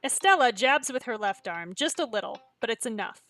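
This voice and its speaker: A woman's voice: fairly high pitch, animated, a little fast, a bit bright, faint music behind. A young woman streaming a story game, reading it aloud and chatting in a self-deprecating way. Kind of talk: reading a visual novel aloud while streaming.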